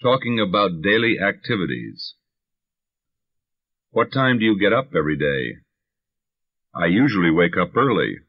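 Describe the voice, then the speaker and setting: A man reading English practice phrases deliberately for learners, on a dull lo-fi vintage recording. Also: low voice. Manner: deliberate, even drill reading. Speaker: language teacher.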